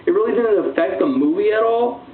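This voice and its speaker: A man's voice: high-pitched, expressive, fast talker, a little hiss or hum. A man giving a casual, rambling movie review, full of "like" and "um". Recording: tinny lo-fi sound in an echoey room.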